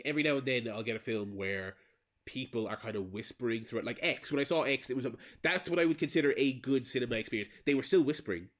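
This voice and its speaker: An Irish man chats loosely on a game livestream, his pitch swinging up and down as he rambles. He curses often and trips over his own restarts while telling a story. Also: a bit bright. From Limerick, Ireland. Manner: rambling, swears freely, stumbles and restarts. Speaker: streamer.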